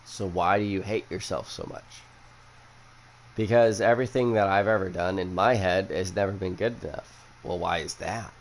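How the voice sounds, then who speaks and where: A man's voice: sits low, fairly even intonation, moderate pace, a little hiss or hum. A young man hosting a casual chat, who rambles bluntly and swears a lot after a few drinks. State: has been drinking. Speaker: podcast host.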